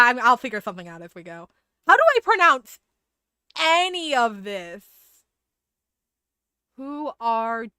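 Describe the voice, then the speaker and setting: A woman's voice: on the high side, clean tone, no room sound, clean studio sound. A young woman streaming a game, chatting casually, swearing and joking at her own expense. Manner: animated, self-mocking, swears and laughs often. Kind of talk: casual live-stream commentary.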